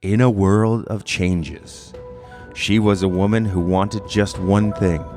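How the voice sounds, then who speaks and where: A man putting on a dramatic movie-trailer narrator voice, slow and drawn out. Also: on the low side, steady tone, over music. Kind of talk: mock movie-trailer voice-over.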